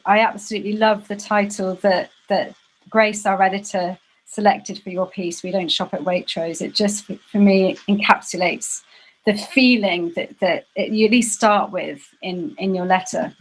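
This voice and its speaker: A woman hosting a live-stream book event, speaking in halting sentences with frequent restarts as she praises a reading. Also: mid-range voice, poor audio. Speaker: event host.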